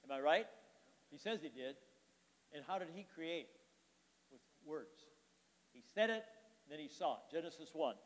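Male preacher, high voice, loud emphatic lines and soft asides, rhetorical questions, long reverb of a big church hall. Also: expressive, normal speed, long pauses. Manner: reads scripture aloud, then explains it with rhetorical questions to the congregation. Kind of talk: sermon.

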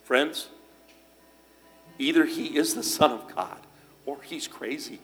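Folksy preaching man, soft music under. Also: a little high, takes it slowly. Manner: folksy storytelling with fillers and restarts. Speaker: pastor. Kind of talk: sermon.

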